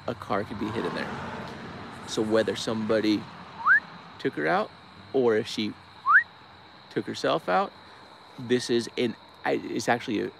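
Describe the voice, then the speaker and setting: A man's voice: medium pitch, gravelly, a bit bright, a little hiss or hum. A man from Oregon, a diver hosting a casual live-stream update outdoors at night, rambling with restarts and thanking donors by name. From Bend, Oregon. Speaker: search-and-recovery diver, live-stream host.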